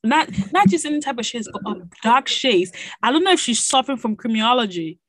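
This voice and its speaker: A woman co-hosting a podcast, talking in a loud, excited, playful way and teasing her co-host. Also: fairly high pitch, fairly quick, low-quality recording. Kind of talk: casual chat.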